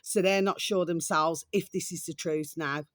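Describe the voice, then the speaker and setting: A woman's voice: on the low side, steady tone, moderate pace, no echo. A woman talking casually to camera, ranting in a chatty, repetitive way and often calling her viewers pet names. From England. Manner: chatty, repetitive, ranting, calls viewers "my delicious little babies". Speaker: vlogger.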